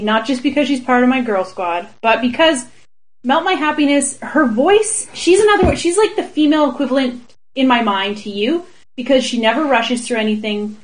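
A woman's voice: a little high, low-quality recording. A woman interviewing a guest in a casual chat, playful and teasing. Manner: playful, teasing, quick to laugh.

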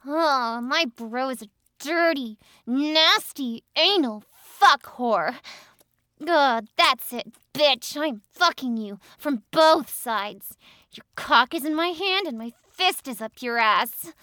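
A woman playing a bright, mocking, domineering young woman. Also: high-pitched, lively intonation, slow, no echo, clean studio sound, full character voice. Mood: taunting.

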